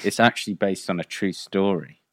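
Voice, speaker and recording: A man's voice: deep voice, fairly quick, a bit bright, no echo, clean studio sound. A man co-hosting a casual podcast, telling a rambling story and checking in with "right?" as he goes. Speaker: podcast co-host.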